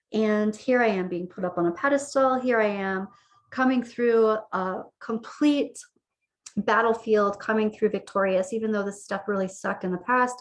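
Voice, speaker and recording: A woman talks through a tarot reading in a loose, conversational way. Her voice sits at an ordinary middle pitch. She often restates and rephrases a line before moving on to the next card. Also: moderate pace. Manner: conversational, repeats and rephrases phrases. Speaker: tarot reader. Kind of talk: casual spoken tarot reading.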